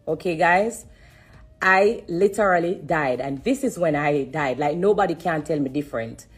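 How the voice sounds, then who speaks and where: A woman tells her story live, her voice low and husky. She repeats her faith again and again and keeps stopping to breathe so she won't cry. Soft music plays faintly behind her. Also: animated. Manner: emotional, fighting back tears, pausing to breathe; religious, repetitive phrasing. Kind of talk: emotional live-stream testimony.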